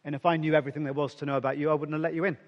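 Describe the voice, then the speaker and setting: A man delivers a conversational sermon to his congregation, his voice sitting high for a man. He talks personally and directly, often sinking to a soft near-whisper to press a point home. A long reverb trails each phrase. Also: flat delivery, racing, muffled recording. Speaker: pastor.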